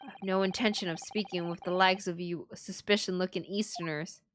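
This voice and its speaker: A woman's voice: fairly low pitch, fairly even intonation, a little fast, slight background noise, close to an everyday voice. A woman voicing a hostile male prison governor with a put-on Scottish accent and a brusque, threatening manner. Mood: gruff.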